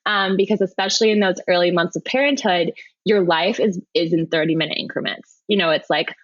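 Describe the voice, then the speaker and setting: A woman in her thirties, a web designer telling her story as a podcast guest, animated and laughing often. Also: lowish voice, normal speed, no room sound, dull audio. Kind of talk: conversational storytelling.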